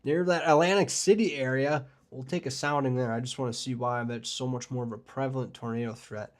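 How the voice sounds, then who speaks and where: A man runs a live weather stream at a medium pitch, talking loosely and chatting with his viewers. He rambles through his points with plenty of fillers. He gets openly excited about big storm setups. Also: a little fast. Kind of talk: live forecast discussion with chat.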